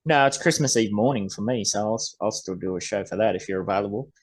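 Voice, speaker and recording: A man with an Australian accent co-hosting a podcast, joking and swearing casually in relaxed chat. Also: on the low side, fast talker. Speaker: podcast co-host.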